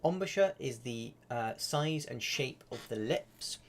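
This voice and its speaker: A man's voice: medium pitch, lively intonation, a little slow, slight background noise. A man giving a casual live-streamed flute lesson, chatty and full of fillers. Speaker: flute teacher.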